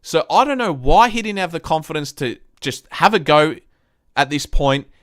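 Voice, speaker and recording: A young man with a fairly high, smooth, clean voice recaps a football game on a live stream. He rants like a fed-up fan and swears freely. The sound is close and dry. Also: lively intonation, moderate pace, a bit bright, no room sound. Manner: frustrated, swearing, ranting fan. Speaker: sports review host. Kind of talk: live-stream footy match review.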